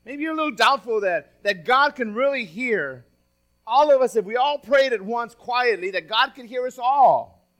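A man preaching a sermon as pastor, reading scripture aloud with dramatic stress and swinging from loud emphatic lines to quiet asides. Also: extremely high pitch, animated, moderate pace.

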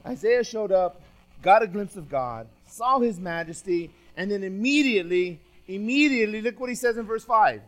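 A man preaching a sermon as pastor, reading scripture aloud with dramatic stress and swinging from loud emphatic lines to quiet asides. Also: high-pitched, animated, normal speed.

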